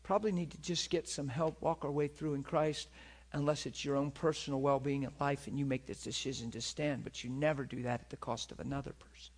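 A man's voice: medium pitch, a little fast. A middle-aged man preaching a storytelling sermon, acting out voices and crying out in places. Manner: animated, acts out voices and cries out.

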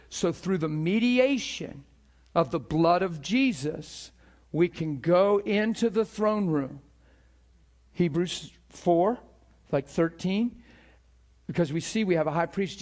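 Fervent man preaching, fairly high voice. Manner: earnest, fervent, with frequent repetitions and restarts. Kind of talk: sermon-style teaching with personal testimony.

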